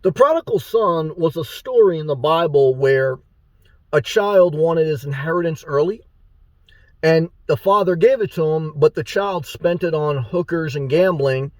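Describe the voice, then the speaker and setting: A man's voice: fairly high pitch, a little slow, no room sound. A man giving a rambling, blunt and profane monologue to his viewers as a motivational YouTuber.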